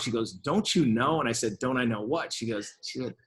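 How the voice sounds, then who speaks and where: Man, fifties, venture capitalist guest, interview storytelling, middle pitch, acts out quoted dialogue, restarts sentences. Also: brisk, a bit bright.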